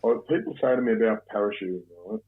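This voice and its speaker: An Australian man, a guest on an interview show, telling stories in a relaxed, rambling way and swearing freely. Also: fairly low pitch, fast talker. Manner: relaxed, profane, rambling storyteller. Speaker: guest, former bank robber. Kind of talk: casual storytelling interview. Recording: narrow phone-like sound.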